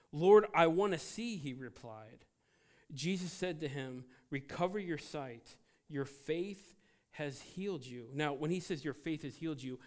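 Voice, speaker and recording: A man preaching a sermon as pastor, emphatic and animated, swinging between loud outbursts and quiet asides. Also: medium pitch. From United States.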